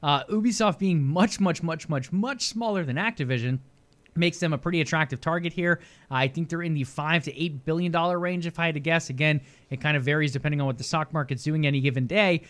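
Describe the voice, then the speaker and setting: A young man co-hosting a casual gaming podcast, chatty and speculative, thinking out loud. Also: a little high, fairly quick. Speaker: podcast co-host.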